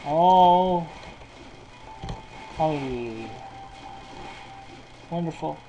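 Slow mellow guy cursing nonstop while he plays a shooter, faint game music in the back. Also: fairly high pitch, highs cut off. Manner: profane, cursing constantly. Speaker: gameplay commentator. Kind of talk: casual game commentary.

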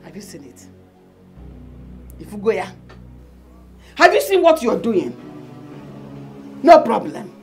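An actress playing a middle-aged Nigerian mother in a film drama, coaxing and chiding her daughter in a husky voice, mixing in Igbo phrases. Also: fairly high pitch, sing-song, takes it slowly, pauses often, mellow, soft background music, heavily acted.

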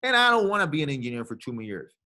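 A man from Latin America in his thirties drives home his points in a motivational team training talk, repeating himself for emphasis. His pitch sits fairly high and swings widely as he speaks. He slips into the voices of the people he quotes. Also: big pitch swings, racing, pushed and bright.

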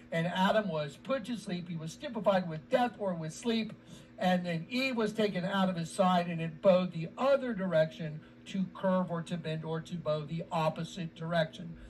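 A man's voice: high voice, distant mic, slight background noise, rough recording. A man giving heated scripture commentary, agitated, often asking "ready?" and drawing out quoted words. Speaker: online preacher.

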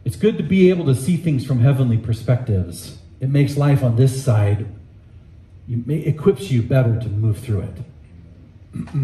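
A man's voice: medium pitch, warm tone, echoey room, poor audio. A man preaching a sermon in a conversational, emphatic way, with candid asides, in a church. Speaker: pastor. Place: church sanctuary.

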